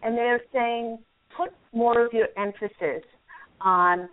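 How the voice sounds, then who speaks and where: A woman's voice: on the high side, fairly even intonation, slow pace. A woman hosting a call-in radio show, giving angel card readings in a soothing, encouraging way with frequent laughs. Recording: phone-like lo-fi line.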